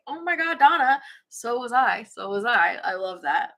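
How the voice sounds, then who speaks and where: A woman's voice: a little high, animated, normal speed, hardly any pauses, pushed and bright. A woman hosting a casual livestream, chatting bubbly with viewers and yawning often. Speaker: spiritual channel host. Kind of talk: casual livestream chat reading comments. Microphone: phone or webcam livestream.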